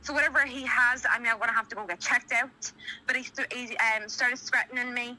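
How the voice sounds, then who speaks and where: Dublin woman on speakerphone, high bright voice, rambling and worked up. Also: steady tone, fairly quick, rough recording. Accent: Irish (Dublin). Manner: rambling, restarts, retells quoted dialogue. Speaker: caller. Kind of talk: agitated phone account. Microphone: phone on speaker.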